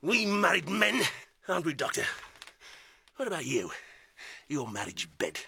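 A man playing a jealous, unhinged army captain and father, swinging between mocking laughter, despair and shouting. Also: fairly high pitch, huge pitch swings, unhurried, gravelly, slightly rough, exaggerated voice. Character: bitter, unhinged military father, jealous and raging. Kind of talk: stage drama acting.

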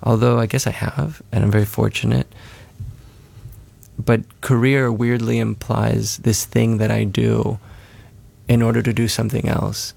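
A man's voice: mid-range voice, flat delivery, unhurried, vocal fry, darkish tone. A man being interviewed as a musician, talking in an earnest, rambling way with many restarts and self-corrections. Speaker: musician guest. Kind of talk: casual interview talk.

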